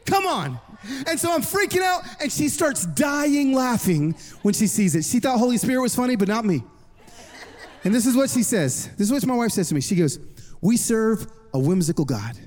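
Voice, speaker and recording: A man in his thirties preaching a sermon to a congregation, telling a lively personal story with jokes. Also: very high voice, normal speed, soft background music. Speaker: worship pastor. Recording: long reverb of a large hall.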